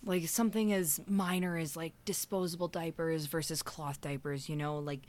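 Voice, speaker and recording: A woman taking part in a podcast as a guest, soft-spoken and agreeable in casual chat. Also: deep voice, steady tone, moderate pace.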